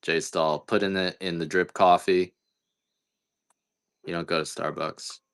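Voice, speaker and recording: A man with a deep, smooth, slightly bright voice hosts a casual livestream selling coffee. He speaks unhurriedly with fairly even intonation, rambling and joking at his own expense.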